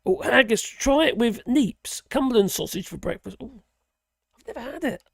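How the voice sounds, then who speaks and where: Gravelly live-stream host. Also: mid-range voice, animated, moderate pace, dry recording, studio quality. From Norwich, England. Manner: rambling, chatty, reacts to viewer comments aloud. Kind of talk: casual live-stream chat reading comments.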